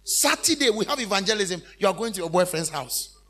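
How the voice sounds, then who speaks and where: A male preacher with a high, husky voice swings widely in pitch as he drives his points home. He repeats phrases for emphasis and breaks into loud outbursts mid-sermon. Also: animated, fairly quick. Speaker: minister.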